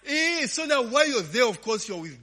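A man's voice: extremely high pitch, big pitch swings, a little fast, sharp tone. A middle-aged man with a Ugandan English accent, preaching a conversational sermon, laughing often and asking the congregation to finish his sentences. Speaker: pastor. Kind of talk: conversational sermon with call-and-response questions. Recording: long hall reverb.

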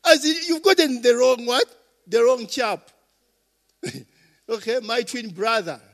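Male preacher, high voice, slow deliberate delivery, call-and-response, reverberant hall. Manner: call-and-response questions, swinging loud to soft. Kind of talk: sermon.

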